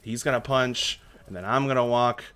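A man streaming a video game live, reacting excitably and chatting to his viewers. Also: medium pitch, moderate pace. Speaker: Twitch streamer.

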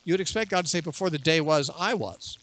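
A man in a radio interview, a bible teacher explaining scripture in a measured way and quoting verses at length. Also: on the high side, lively intonation, fairly bright tone.

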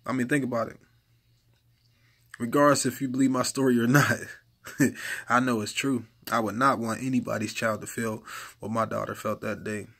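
A man's voice: on the low side, fairly bright tone. A man preaching informally to camera in an earnest, exhorting way, repeating his points for emphasis. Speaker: lay preacher.

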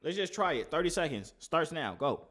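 A man's voice: fairly high pitch, sing-song, fairly quick, a bit bright. A man hosting a casual video chat, teasing and trash-talking strangers. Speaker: video host.

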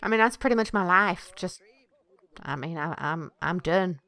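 A woman giving crude, excitable commentary while playing a video game. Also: lowish voice, measured pace, over music. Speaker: let's play gamer. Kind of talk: gameplay commentary.

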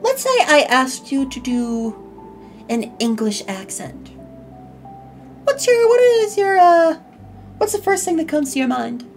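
A woman's voice: high-pitched, big pitch swings, slow, pauses often, faint music behind. A woman hosting a casual podcast, explaining with emphasis. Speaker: podcast host. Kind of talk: casual chat.

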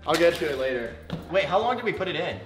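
A young man chatting while cooking, loud and excitable, swearing a lot. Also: on the high side, quick pace, echoey room, music in the background. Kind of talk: casual chat while cooking. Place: home kitchen.

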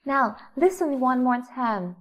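A Vietnamese-accented woman teaching English to children, her voice sitting a touch high. She talks slowly and deliberately, spelling out each step of the lesson. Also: lively intonation, a bit bright. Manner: slow, deliberate, instructive.

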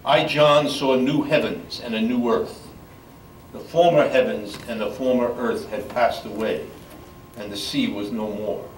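An older man, a priest, reading scripture in a measured, solemn way at a memorial service. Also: medium pitch, fairly even intonation. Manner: measured solemn reading, halting when speaking freely. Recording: echoey room from far off, faint background noise.

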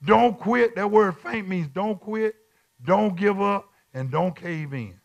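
A man preaching at Bible study as a bishop, repeating his lines in call-and-response and swinging from quiet talk to shouts. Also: sits high, slow, gravelly.

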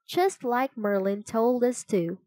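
A woman voicing an earnest young boy in a storybook reading, speaking slowly with a slightly raised voice. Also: fairly high pitch, darkish tone, no echo. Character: eager young boy helper.

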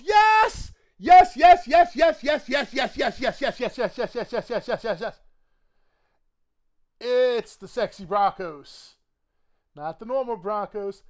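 A man chatting casually while opening trading card packs. He rambles with many fillers and restarts, laughs often, and erupts into loud excitement. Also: on the high side. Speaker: card game collector opening booster packs. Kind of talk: casual pack-opening commentary.

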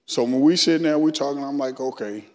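A fast-talking middle-aged man from Alabama, with a mid-range voice and a Southern accent, gives his testimony as a guest speaker during a church sermon. He acts out lines of dialogue from his own past. The recording, made in a church sanctuary, carries a long church reverb.

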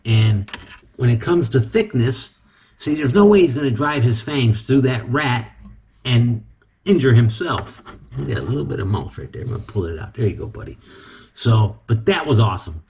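A man keeping snakes, talking through a casual how-to vlog in an excitable, chatty way. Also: medium pitch. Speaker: snake keeper. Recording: echoey room, dull lo-fi sound.

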